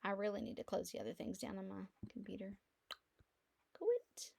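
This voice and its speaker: A middle-aged woman, chatting casually from home through her computer mic as she walks through an online office, with animated storytelling. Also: mid-range voice, fast, gravelly, no echo. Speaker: real estate agent. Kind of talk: casual screen-share walkthrough. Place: quiet room at home.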